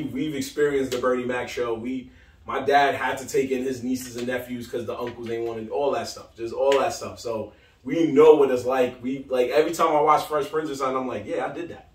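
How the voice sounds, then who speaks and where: Laughing animated man in an echoey room. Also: medium pitch. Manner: animated storyteller, acts out voices, laughs often. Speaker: podcast co-host. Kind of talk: casual chat. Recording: roomy echo, mic from a distance.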